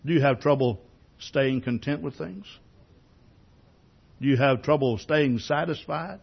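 A man's voice: medium pitch, unhurried, gravelly, husky, muffled recording. A man preaching a sermon in a conversational way, asking many rhetorical questions and often repeating words as he starts a sentence. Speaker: pastor.

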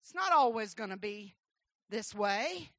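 A woman preaching a sermon, telling a childhood story in a soft voice and then rising into loud, shouted exhortation. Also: medium pitch, expressive, measured pace, dry recording.

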